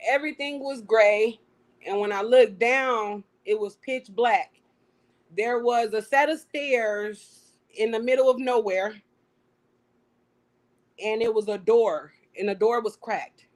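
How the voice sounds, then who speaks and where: A young adult woman telling a personal story as an interview guest, animated and acting out what she said back then. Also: a little high, slow pace, pauses often. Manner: animated, acts out her own past lines.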